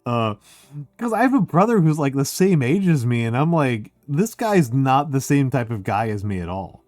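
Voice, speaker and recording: Male streamer, animated and swearing, dry close mic, soft music bed. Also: medium pitch, moderate pace, no room sound. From United States. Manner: excitable, swearing, heavy filler words. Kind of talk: casual chat.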